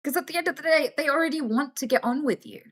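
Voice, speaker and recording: A woman's voice: sits high, quick pace. A young woman streaming live and giving blunt, sweary advice to her chat, often acting out the people she quotes.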